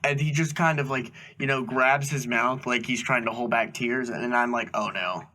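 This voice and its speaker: A male comedy podcaster spins a customer-service story, slipping into the voices of the people in it. His voice is bright and sits at an ordinary pitch. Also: normal speed. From USA. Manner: animated storyteller acting out dialogue. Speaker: podcast co-host.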